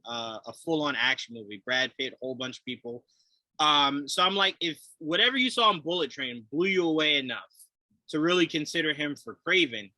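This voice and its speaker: A man co-hosting a casual movie chat, animated, swearing and acting out quotes with laughter. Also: on the high side, dry recording, poor audio. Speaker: podcast co-host.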